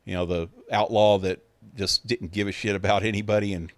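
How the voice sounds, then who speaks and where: A man's voice: fairly low pitch, fairly even intonation, fairly quick, no echo. Laid-back rambling male streamer, dry sound. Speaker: game streamer. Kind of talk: casual chat.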